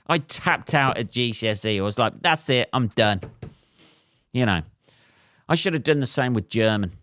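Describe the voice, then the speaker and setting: A man's voice: medium pitch, lively intonation, a little fast, fairly bright tone, dry recording, clean studio sound. An English man hosting his own podcast, rambling through a solo monologue with wry, self-mocking asides and lots of ums. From England. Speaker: podcast host.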